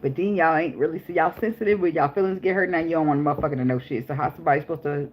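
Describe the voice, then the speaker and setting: A woman's voice: low voice, racing. A young woman reading tarot in a casual, chatty way, blunt and profane, laughing often. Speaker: tarot reader.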